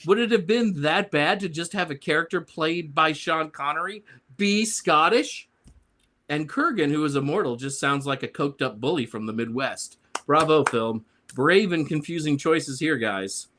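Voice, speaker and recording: A man's voice: a little high, lively intonation, moderate pace, fairly bright tone, slight background noise. A man on a discussion panel reading his prepared comic review aloud in a sarcastic, grumbling way.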